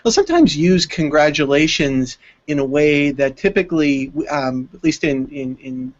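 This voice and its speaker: A man's voice: fairly high pitch, expressive. An American man co-hosting an English lesson, speaking thoughtfully with frequent restarts. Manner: thoughtful, halting, many restarts. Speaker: co-host, English teacher. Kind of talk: online English lesson hangout. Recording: dull web call audio.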